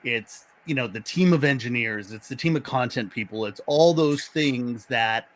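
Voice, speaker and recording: A man joining a casual live-streamed chat as a guest, explaining in a measured, agreeable way and teasing the others lightly. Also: mid-range voice.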